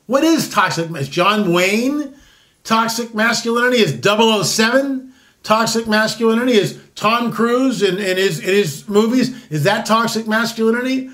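A man's voice: high voice, fairly bright tone. A man in his sixties hosting a commentary show, talking in a rambling, emphatic way with many restarts. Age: 60s. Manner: rambling, with frequent restarts and repeated words; emphatic, disclaiming. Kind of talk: opinionated casual commentary.

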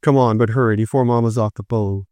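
A man voicing a grim, quiet boy. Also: lowish voice, fast, dry recording, natural voice. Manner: flat, subdued and terse. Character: troubled young boy, quiet and grim older brother.

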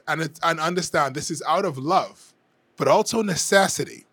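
A man giving his frank, conversational take on an election campaign, often hedging and pausing to think. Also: a little high, animated, fairly bright tone, no room sound. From Bahamas. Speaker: political commentator. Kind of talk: casual opinion monologue.

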